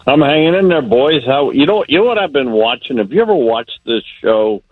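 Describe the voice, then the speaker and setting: A man's voice: medium pitch, lively intonation, brisk, no room sound, soft background music. A man calling in to a radio show as a regular guest, chatting casually with hesitant fillers and chuckles. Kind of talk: casual phone chat. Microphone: phone. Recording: tinny phone line.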